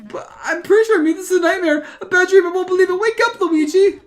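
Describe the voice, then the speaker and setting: A woman's voice: very high-pitched, fast, faint music behind, voice pushed up. Shrieking, gushing superfan girl. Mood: shrill outrage. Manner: squealing, gushing, breathless. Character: frantic young woman, obsessive superfan.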